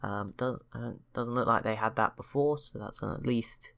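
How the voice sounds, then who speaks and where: A man's voice: mid-range voice, moderate pace, gravelly, a bit bright. A man hosting a strategy game channel, chatting casually over gameplay with rambling, self-correcting remarks and wry teasing asides. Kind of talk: casual let's-play commentary.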